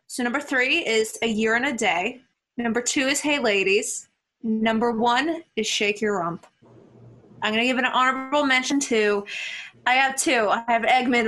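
Bright, lively woman reviewing albums. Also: a little high. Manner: animated, laughing often, quick asides. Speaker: podcast co-host. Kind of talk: casual album review chat.

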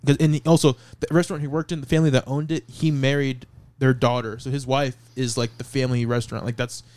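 A man's voice: mid-range voice, little pitch movement, quick pace, a little mellow, no room sound. A man casually telling a long rambling story on a podcast, laughing through it. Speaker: podcast co-host.

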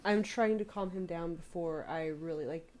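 A woman's voice: fairly low pitch, normal speed, a crowd in the background. A woman playing a tabletop game, earnest and a little hesitant as she describes her actions. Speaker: player. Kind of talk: tabletop role-play chat.

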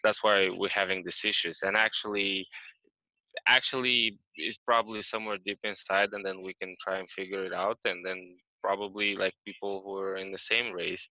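A man's voice: fairly low pitch, pushed and bright, no room sound. A man from Moldova, a panel guest speaking thoughtfully and searching for words. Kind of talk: reflective conversation. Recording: dull, dry, lo-fi sound.

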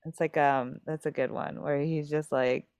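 Chatty young woman, smooth dry voice. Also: low voice, steady tone, moderate pace, darkish tone, no room sound. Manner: chatty, laughing, lots of "like". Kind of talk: casual chat.

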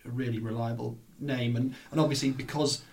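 A man's voice: mid-range voice, steady tone, a little fast, darkish tone. A man in casual film discussion who rambles and hedges with "sort of".

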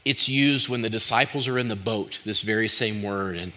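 Bright-voiced male pastor preaching. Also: lowish voice, normal speed. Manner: conversational preaching with rhetorical questions, acts out quotes. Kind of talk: sermon.

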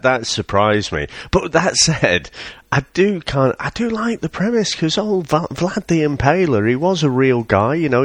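A man's voice: medium pitch, no room sound. A man co-hosting a casual film review podcast, swearing freely, laughing often and mocking the film. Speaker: podcast co-host.

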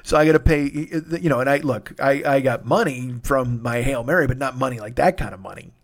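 A man's voice: medium pitch, brisk. Rambling, profane man telling a story. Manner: rambling, profane, self-deprecating, with sudden loud outbursts. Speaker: podcast host. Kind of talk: casual storytelling monologue.

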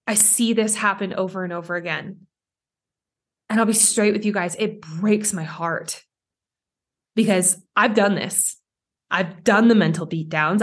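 A woman hosting a solo podcast, talking candidly and with feeling, acting out inner voices and swearing now and then. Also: mid-range voice. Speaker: podcast host.

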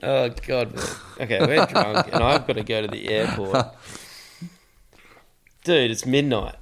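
A man's voice: medium pitch, a little slow, vocal fry, over a noisy crowd. A man chatting casually, telling a funny story and laughing easily. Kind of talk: casual chat.

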